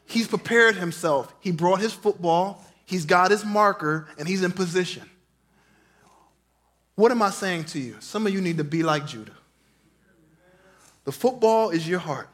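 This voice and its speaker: A man, a pastor, preaching a sermon in an animated storytelling way, swinging from loud, passionate lines to hushed asides. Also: sits high, unhurried, pauses often.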